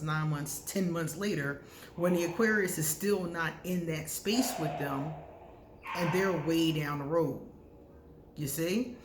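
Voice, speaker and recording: A woman vlogger giving casual, candid astrology advice to camera, talking freely and breaking into loud laughter. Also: sits low, roomy sound, a little hiss or hum.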